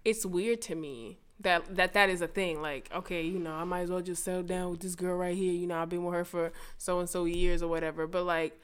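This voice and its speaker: Animated young woman telling stories. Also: fairly low pitch, fairly quick, few pauses, smooth. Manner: animated storytelling, acts out quoted people. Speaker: podcast co-host. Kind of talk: casual chat.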